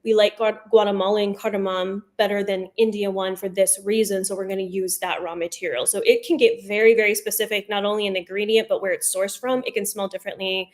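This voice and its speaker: A woman's voice: mid-range voice, level tone, fast talker, few pauses. A woman who founded a fragrance brand, hosting a live launch stream and chatting openly with viewers. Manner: chatty, emotional, addresses viewers as "you guys". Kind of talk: casual live-stream chat.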